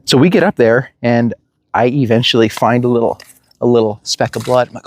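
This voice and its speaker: A man tells a hunting story in a relaxed, casual way. His voice sits in a middle pitch and is recorded dry and close, with no room sound. He gets animated and laughs now and then as he acts out the lines. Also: moderate pace, dry recording. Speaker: hunter telling a hunt story.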